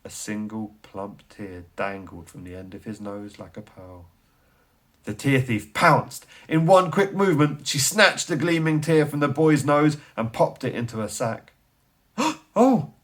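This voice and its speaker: A man reading a children's story aloud, animated and theatrical, dropping to a hush and then rising to excited bursts. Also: medium pitch, measured pace. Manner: animated, swings from hushed to loud and excited.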